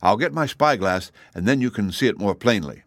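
A kindly old wizard explains things in a low, measured, patient voice, recorded close and dry for a storybook, as a man puts him on. He sounds steady and reassuring. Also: no room sound. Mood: calm. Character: calm, kindly little old male wizard. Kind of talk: audiobook reading.

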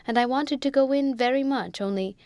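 A big blustering guardsman, sulky and awkward, as a woman narrator puts him on. The voice sits higher than her narration, with a slow grumbling manner, in a dry close recording. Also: darkish tone, no room sound. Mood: flustered.

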